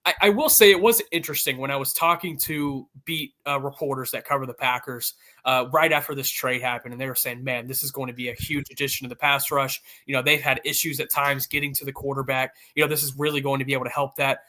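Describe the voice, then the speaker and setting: A man's voice: mid-range voice, fairly even intonation, quick pace, hardly any pauses, sharp tone. A man who covers sports as a reporter, giving fluent, well-informed analysis as an interview guest.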